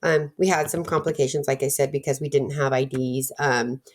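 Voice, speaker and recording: A woman's voice: extremely low pitch, fairly even intonation, a little fast. A middle-aged woman telling her own recovery story in a candid, casual way. She acts out the people she quotes and talks with many fillers and restarts.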